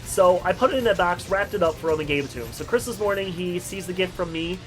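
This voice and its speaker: Fast-talking excitable young man. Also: high-pitched, soft background music, low-quality recording. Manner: excitable, rambling. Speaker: video host. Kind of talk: casual storytelling vlog.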